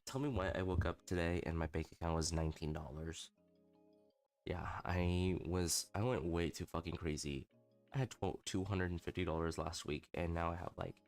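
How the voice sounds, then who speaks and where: A young man with a very low voice tells stories on his livestream, candid and self-mocking, swearing freely while soft music plays faintly behind him.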